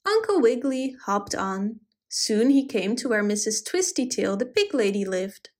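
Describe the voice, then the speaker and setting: A woman's voice: on the high side, normal speed. Woman reading a children's story aloud. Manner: expressive read-aloud.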